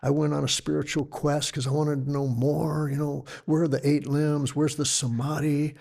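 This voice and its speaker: An older man, a yoga teacher appearing as a podcast guest, telling stories in an animated, conversational way with a gravelly voice. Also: moderate pace. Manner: animated storyteller, lively pitch shifts. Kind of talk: storytelling conversation.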